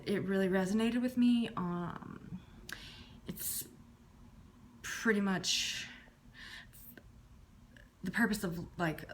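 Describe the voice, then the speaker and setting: With a medium-pitched voice and a bit of background noise, a thirtysomething YouTuber from the American South casually answers tag questions. She tends to drop her voice as each phrase ends.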